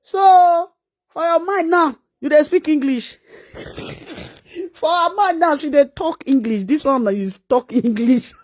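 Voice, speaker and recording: A Nigerian woman vlogger ranting and mocking someone with rapid rhetorical questions in a scolding manner. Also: high voice. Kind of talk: ranting live-stream commentary.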